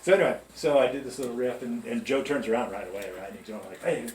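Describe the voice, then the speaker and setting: This fast-talking man has a mid-range, slightly mellow voice as he tells chatty stories to a group of new hires at a big music store, checking in with them as he goes. It's a pep talk built on storytelling, captured from a distance in an echoey space with slight background noise.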